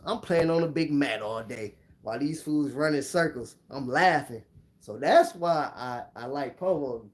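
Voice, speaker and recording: A man's voice: fairly high pitch, moderate pace. Man telling a story in casual slang. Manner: laid-back slang, animated retelling. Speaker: vlogger.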